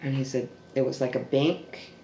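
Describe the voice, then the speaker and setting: A man with a gravelly, creaky voice recounts a family story in a halting, searching way. He restarts sentences often and sometimes sinks into a hush. He is recorded in an echoey room with a faint noise underneath. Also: mid-range voice, fairly even intonation. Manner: halting, with restarts and trailing fillers. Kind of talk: oral history storytelling.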